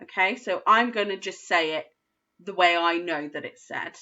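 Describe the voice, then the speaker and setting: A woman teaching a phonics lesson to young children, sounding out words slowly and praising often. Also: on the low side, bright, forceful tone, lo-fi sound. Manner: slow, sing-song sounding out of words, encouraging. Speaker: primary school phonics teacher.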